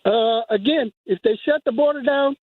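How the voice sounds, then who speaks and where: Husky-voiced man calling in by phone. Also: very high-pitched, dry recording. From United States. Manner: dry, defensive, measured replies. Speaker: caller. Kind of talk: call-in radio chat. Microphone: telephone. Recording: tinny phone line.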